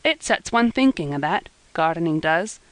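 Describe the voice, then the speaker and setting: A woman's voice: on the low side, animated, moderate pace, dry recording, natural voice. A woman reading the part of an earnest, friendly young male gardener who is eager to help. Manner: earnest and obliging.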